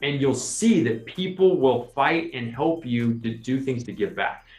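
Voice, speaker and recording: A man hosts a podcast and talks through his points as lively, acted-out scenes, slipping into quoted voices. His voice sits at a middle pitch. The room sounds echoey, with faint music underneath. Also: measured pace. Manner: animated, explains with imagined scenes and quoted asides. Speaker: podcast host. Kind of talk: casual storytelling chat.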